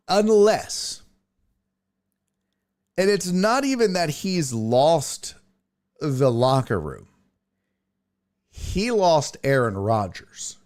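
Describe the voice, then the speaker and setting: Guy doing a sports talk show, slow and lively, voice jumping all over, reacting to news on the fly. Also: a little high. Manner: animated, thinking aloud, reacting to news as he reads.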